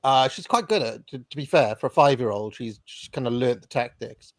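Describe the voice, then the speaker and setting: A man's voice: medium pitch, lively intonation, a little fast, no room sound, clean studio sound. A Welsh man hosting a casual chat over a video call, telling stories with a giggle. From Wales. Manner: chatty, giggly, storytelling. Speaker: podcast host. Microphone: remote video call.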